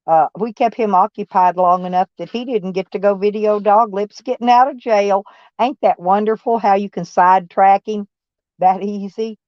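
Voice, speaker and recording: Lo-fi audio with no echo captures a woman's mid-range voice as she casually chats on a live stream. She addresses viewers' comments by name in a folksy, blunt way, her talk peppered with mild curses.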